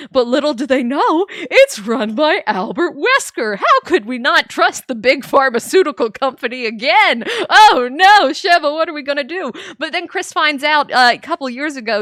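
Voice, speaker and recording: A woman streamer giving a casual, rambling, animated recap of a game series, full of fillers and asides. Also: on the high side, no room sound, studio quality.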